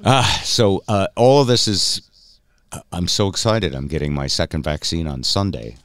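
A man hosting a podcast in casual chat, telling stories in an animated way and slipping into mock voices. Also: low-pitched, normal speed, no room sound. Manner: chatty, animated storytelling, slips into mock voices. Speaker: podcast host.

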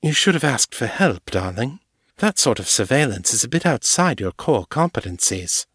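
A poised, elegant female vampire speaks crisply and archly, calling people darling with dry composure, as a male narrator puts her on. The recording is close and dry, without room sound. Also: mid-range voice, big pitch swings, moderate pace, fairly bright tone, dry recording, full character voice. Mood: arch concerned. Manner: crisp, arch, endearments like darling.

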